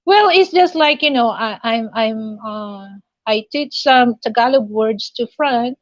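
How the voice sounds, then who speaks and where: Filipina lady chatting on a livestream, slow and halting, lots of "you know", kinda dull dry sound. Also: fairly high pitch, no echo. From Philippines. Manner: halting, many fillers and restarts. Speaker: livestream host. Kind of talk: casual live chat.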